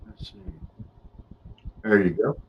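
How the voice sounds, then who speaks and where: A man's voice: slow, far from the mic. A man co-hosting a podcast in folksy, joking casual chat. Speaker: podcast co-host. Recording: dull lo-fi sound with faint noise.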